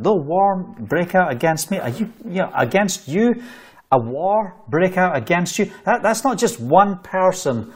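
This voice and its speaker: A man's voice: high-pitched, animated, unhurried, slightly rough. A man preaching an online sermon, fervent and repetitive, reading scripture aloud between his own exhortations. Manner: fervent, repeats phrases, reads scripture aloud.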